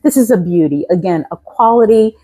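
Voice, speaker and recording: A woman in her fifties from Louisiana, raised in Colorado, chatting enthusiastically as a fashion vlogger with the crisp diction of a trained singer, often repeating her phrases. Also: medium pitch, expressive, a little fast, dark tone, rough recording. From Louisiana, raised in Colorado from seventeen. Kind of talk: casual outfit show-and-tell.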